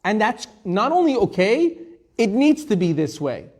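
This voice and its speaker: A man teaching a Torah class as a rabbi, conversational and lively, quoting Hebrew phrases and asking and answering his own questions. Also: high-pitched, normal speed. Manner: storytelling with Hebrew quotes.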